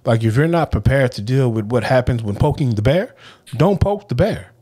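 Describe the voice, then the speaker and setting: A man's voice: medium pitch, lively intonation, normal speed, warm tone. Blunt, profane man in podcast debate. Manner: blunt, profane, emphatic, drops into mocking voices for examples. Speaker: podcast co-host. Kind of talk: casual debate chat.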